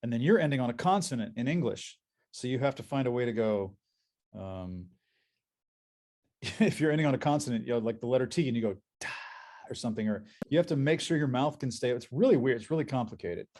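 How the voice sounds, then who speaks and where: Animated man telling voice-acting stories. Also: medium pitch, fast talker. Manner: animated storyteller who repeats words while restarting. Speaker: voice actor panel guest. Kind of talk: casual convention panel anecdotes. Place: convention panel room.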